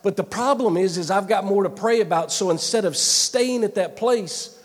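A man's voice: sits high, normal speed. A man preaching a sermon, telling a personal story earnestly, with frequent restarts and repeated phrases. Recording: long hall reverb.

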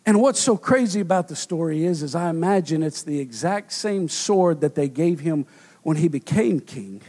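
A man preaching a sermon, rising to loud shouts and dropping to hushed tones, with frequent fillers. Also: a little high, lively intonation, moderate pace. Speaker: pastor.

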